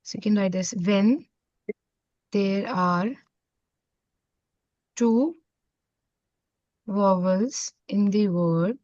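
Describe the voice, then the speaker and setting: A woman's voice: medium pitch, drawn-out words, long pauses, darkish tone, no echo. A woman teaching a French lesson, explaining step by step and mixing Hindi with English. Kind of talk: online class lesson. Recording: dull, dry, lo-fi audio.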